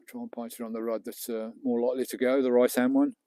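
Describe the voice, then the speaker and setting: A British man chatting casually on a live stream while he fishes on a beach. His voice is dark and mellow, recorded dry and close, and he jokes with viewers and swears now and then. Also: medium pitch, level tone, fast, no echo. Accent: British English. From England. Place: outdoors on a beach at night.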